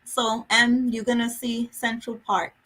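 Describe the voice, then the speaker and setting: A woman's voice: fairly high pitch, little pitch movement, a little slow, fairly bright tone. A woman hosting a book vlog, chatting casually and jokingly with viewers during a livestream. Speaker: book vlogger host. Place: home in a city.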